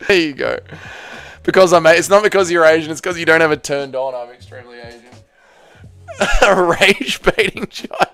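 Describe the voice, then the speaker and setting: A man's voice: on the high side, fast talker, a bit bright, smooth, soft background music. A man hosting a casual live stream, reading chat aloud, laughing and swearing often.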